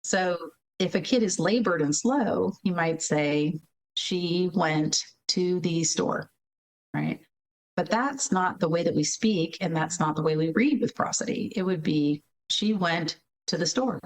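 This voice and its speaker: A woman interview guest who directs a learning center, explaining in lively casual talk, acting out children and checking in with tag questions. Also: fairly low pitch, measured pace, low-quality recording. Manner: animated, acts out children's reading with voices; frequent tag questions, laughs while explaining.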